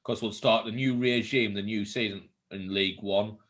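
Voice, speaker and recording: A man's voice: fairly low pitch, steady tone, moderate pace, fairly bright tone. A man, co-hosting a casual chat about football, blunt and swearing freely. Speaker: podcast co-host. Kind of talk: casual banter.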